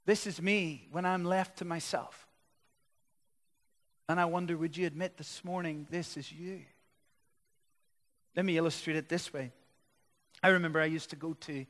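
A man's voice: fairly high pitch, fairly bright tone, in a large hall. A man preaching a sermon, telling stories animatedly and building to emphatic lists. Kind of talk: sermon with storytelling.

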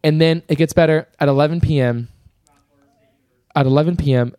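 A man's voice: on the high side, brisk, clean tone, dry recording, studio quality. A young man co-hosting a podcast, telling a long story in casual chat with lots of fillers and restarts. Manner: rambling, animated storyteller full of fillers. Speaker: podcast co-host.

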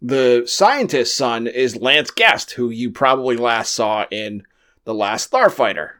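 A man co-hosting a casual podcast, adding wry, deadpan commentary about a film and its cast. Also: mid-range voice, measured pace. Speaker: podcast co-host. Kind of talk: casual chat.

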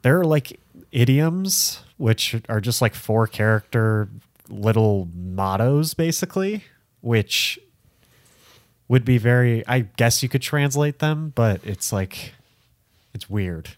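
A man's voice: medium pitch, animated, slow pace, no room sound, studio quality. A man co-hosting a podcast, rambling in casual chat with lots of filler words. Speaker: podcast co-host.

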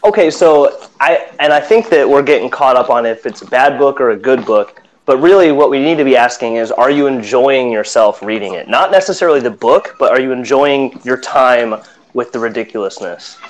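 A man chatting in a book club, easily amused and keen to read passages out. His voice sits at an ordinary middle pitch. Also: animated, normal speed. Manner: amused, reads a passage aloud. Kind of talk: casual chat, reading aloud.

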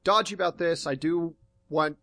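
A young man co-hosting a podcast, casually recapping a TV episode in a relaxed, meandering way. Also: on the high side, normal speed, gravelly, no echo. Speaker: podcast co-host.

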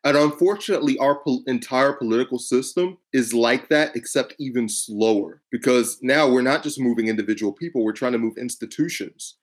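Guy on a podcast, cussing a lot, acting out quotes, real animated. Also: mid-range voice, brisk, few pauses. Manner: animated, profane, storytelling with voiced quotes. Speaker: podcast co-host. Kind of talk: casual political chat.

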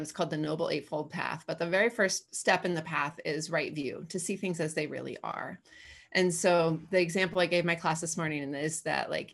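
A woman's voice: on the low side, fairly bright tone. A woman in her thirties or forties, a guest in a casual conversation, talking candidly in a chatty way with frequent fillers.

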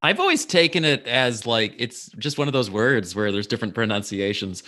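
A man's voice: mid-range voice, sing-song, moderate pace, bright, forceful tone. A man with a Midwestern American accent who co-hosts a casual podcast, rambling and laughing as he talks. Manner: rambling, laughs while talking. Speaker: podcast co-host. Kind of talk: casual chat.

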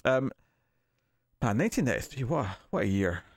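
A man's voice: mid-range voice, sing-song, brisk, no room sound, studio quality. A man co-hosting a movie review podcast, chatting casually and laughing often. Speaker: podcast co-host.

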